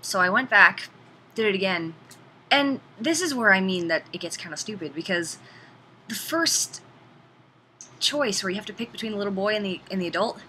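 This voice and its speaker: A woman talking through a video game review in a loose, animated way, chatty and quick to swear. Her voice is bright and forward, and a faint hiss sits underneath. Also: mid-range voice, rough recording. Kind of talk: casual spoken game review.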